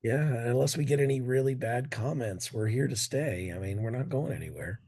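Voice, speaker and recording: A man co-hosting a casual conversation about weekly gospel readings, talking through laryngitis with a croaky, hoarse voice and a self-deprecating manner. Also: mid-range voice, moderate pace, warm tone. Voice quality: croaky, gravelly. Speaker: podcast co-host. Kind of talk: casual religious discussion.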